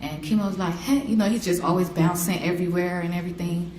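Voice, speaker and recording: A woman speaking as a victim's mother in court, an animated storyteller who acts out the voices she quotes. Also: fairly low pitch, quick pace. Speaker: victim's mother giving an impact statement. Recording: roomy courtroom, faint hiss.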